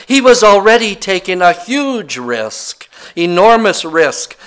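A man's voice: sits high, a bit bright. A man preaching a sermon, retelling a scripture story in a conversational way with wry asides.

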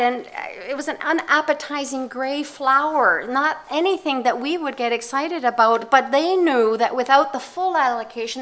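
Older woman, slightly high voice, reflective personal storytelling talk, measured delivery with pauses. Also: a bit bright. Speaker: speaker giving a talk.

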